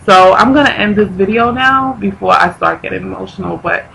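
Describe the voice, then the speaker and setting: A grieving woman vlogger talking haltingly to her camera, close to tears, often stopping and restarting. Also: medium pitch, gravelly, a bit bright, a little hiss or hum, rough recording. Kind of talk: emotional personal vlog.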